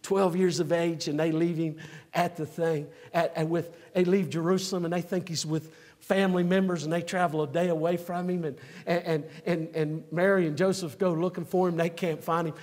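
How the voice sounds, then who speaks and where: A man in his sixties preaching a sermon, swinging from near-shouts to quiet asides. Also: fairly high pitch, little pitch movement, moderate pace, long reverb tail. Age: 60s. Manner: emphatic, rising to near-shouts then dropping to a conversational aside. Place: church.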